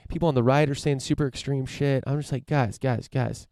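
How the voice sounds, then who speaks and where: A man's voice: medium pitch, little pitch movement, fast, a little mellow, no room sound. A young man hosting a podcast, rambling through a casual profane rant with lots of restarts and fillers. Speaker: podcast host.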